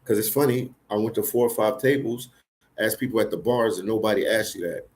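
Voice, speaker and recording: A man's voice: fairly low pitch, a little fast, darkish tone. A man hosting a livestream, telling stories casually, repeating phrases and speaking with emphasis. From Philadelphia, United States. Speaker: livestream host. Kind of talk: casual live storytelling.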